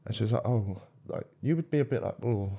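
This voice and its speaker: A man's voice: fairly low pitch, lively intonation, fast, creaky, warm tone, husky. A young man co-hosting a casual podcast, telling a story in a chatty way. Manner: chatty storyteller recounting anecdotes. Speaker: podcast co-host. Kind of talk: casual chat.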